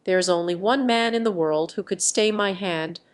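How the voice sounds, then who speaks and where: A woman's voice: medium pitch, moderate pace, clean tone, lightly acted. A woman reading the lines of a passionate male swordsman lieutenant in an audiobook, with impassioned exclamations. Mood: anguished. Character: fiery Gascon swordsman lieutenant, man.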